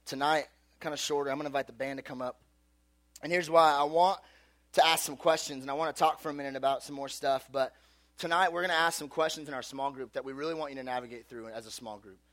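A man giving a youth sermon, telling a story in a loose, animated way with lots of casual filler. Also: medium pitch, fast, no echo. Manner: animated, casual, full of "like" and "dude". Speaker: youth pastor. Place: room with a live youth audience.

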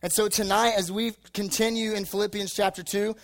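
High-voiced young man preaching casually. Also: fairly even intonation, fairly quick, fairly bright tone. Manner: rambling, filler-heavy, joking storyteller. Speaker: youth preacher. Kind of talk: casual sermon with personal story. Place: live talk before an audience.

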